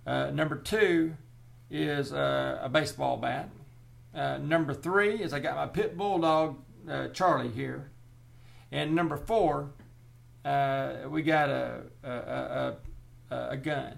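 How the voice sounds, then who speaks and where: A man voicing a boastful country bear-removal man who talks in loud, emphatic salesman patter. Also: on the high side, slow, creaky, heavily acted.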